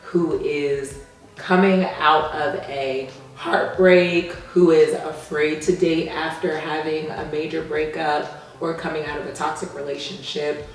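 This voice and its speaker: A woman relationship coach, a guest in a casual chat, who gives advice in a calm, measured way. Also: low voice, recorded from a distance. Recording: echoey room, voice from off-mic.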